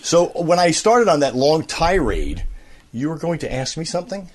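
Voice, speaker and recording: A man's voice: a little high, moderate pace. A man, a voice actor and radio host, chatting casually at home while a little out of breath from a cold, telling rambling stories. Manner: animated, rambling storyteller who slips into impressions. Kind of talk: casual interview chat. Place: at home, walking around.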